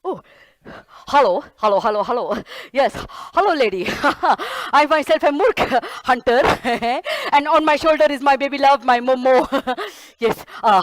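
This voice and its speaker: A woman's voice: sits high, no room sound. Woman playing Murk, a blustering Indian hunter. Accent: Indian English. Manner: fussy, rambling, repeats herself. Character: blustering bumbling hunter with pet Momo. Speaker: solo stage performer. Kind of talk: one-woman stage play.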